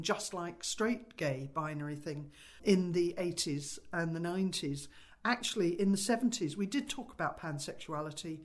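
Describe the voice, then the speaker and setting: A woman interviewee, animated and amused as she comments. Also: on the low side. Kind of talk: reading then commenting.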